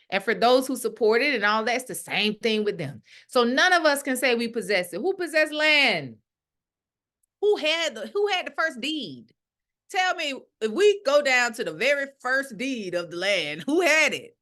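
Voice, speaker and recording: Middle-aged woman, ministry leader, casual spiritual talk, lively swooping pitch, bright tone. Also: moderate pace. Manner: animated, acts out quoted voices.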